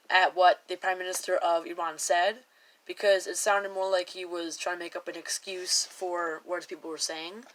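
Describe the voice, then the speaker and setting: Bright-voiced young woman rambling opinions. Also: on the low side, low-quality recording. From United States. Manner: rambling, self-correcting, with exaggerated mock quotes. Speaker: commentator. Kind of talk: casual opinion commentary to camera.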